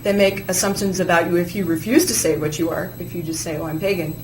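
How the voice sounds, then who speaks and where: A woman with a theater degree speaks earnestly and reflectively as a guest on a talk show, in casual chat. Her voice is fairly low with fairly even intonation, and she talks fast. The room is echoey with clear background noise.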